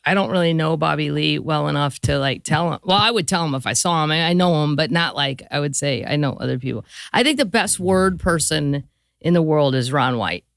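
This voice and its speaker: A woman's voice: deep voice, animated, fairly quick, gravelly, no echo, clean studio sound. A middle-aged woman comedian, a podcast guest, telling wry anecdotes in casual chat. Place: podcast studio.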